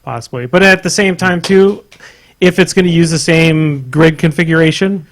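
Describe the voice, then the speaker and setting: Podcast co-host, male, slightly higher voice, relaxed banter, laughs a lot. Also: normal speed. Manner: laid-back, laughs often, restarts mid-sentence. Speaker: podcast co-host reading listener questions. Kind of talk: casual gaming podcast chat.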